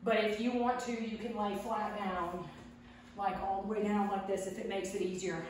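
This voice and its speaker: A woman's voice: mid-range voice, steady tone, moderate pace, darkish tone, recorded from a distance. A chatty woman talks through a home workout, out of breath as she goes. Her voice rings around a very echoey room and sits well back from the mic. A faint hum of room noise runs underneath. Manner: chatty, talks while exercising. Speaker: fitness vlogger. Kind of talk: casual workout instruction.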